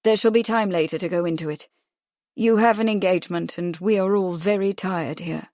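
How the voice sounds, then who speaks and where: Lady doing a tired posh gent, calm and firm, audiobook. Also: fairly low pitch, moderate pace, no room sound, studio quality, lightly acted. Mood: weary. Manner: weary, gently firm. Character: tired, calm aristocratic gentleman.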